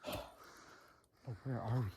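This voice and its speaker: A man's voice: very slow, darkish tone. A man vlogging a playful outdoor adventure in a goofy, mock-dramatic way. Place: outdoors in a field.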